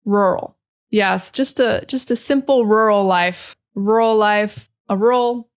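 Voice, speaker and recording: A young American woman teaching English pronunciation to learners, modeling words slowly and repeating them clearly for imitation. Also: mid-range voice. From United States.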